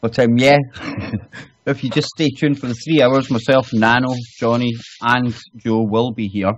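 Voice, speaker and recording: A man's voice: medium pitch, steady tone, unhurried, dull audio. Joking Scottish radio host, man. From Scotland. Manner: joking, teasing, laughs often. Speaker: show host. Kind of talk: casual online radio chat.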